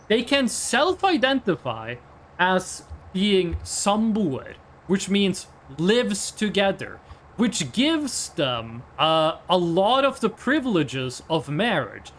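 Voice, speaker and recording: Speaking in a high voice over a faint hiss or hum, a Norwegian streamer with a Norwegian accent chats casually. He rambles and swears often.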